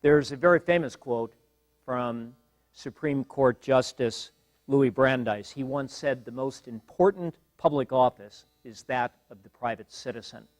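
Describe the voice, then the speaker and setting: An older man giving a university guest lecture in a measured, wry way, pausing often with fillers. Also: medium pitch, no echo. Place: lecture hall.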